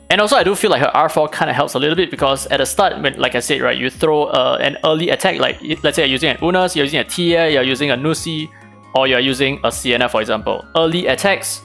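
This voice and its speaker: Fast-talking man explaining game tactics. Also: on the high side, gravelly, a bit bright. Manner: casual, analytical, fast-talking with fillers. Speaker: gaming channel host. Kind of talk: game guide commentary.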